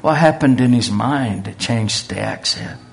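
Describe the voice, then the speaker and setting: A man's voice: mid-range voice, unhurried, gravelly. A man, preaching a sermon in a folksy storytelling way. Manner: folksy storytelling with quoted voices.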